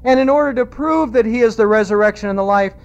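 A man with a high voice preaches a sermon and stresses each point by repeating it. He slows down for quoted verses. The recording sounds dull and lo-fi. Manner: emphatic, repeats key phrases, slows for quotes.

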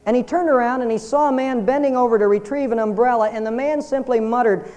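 A man's voice: very high-pitched, fast talker, a little mellow, in a large hall, lo-fi sound. A man preaching a sermon as pastor, earnest and emphatic, asking his listeners rhetorical questions. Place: church sanctuary.

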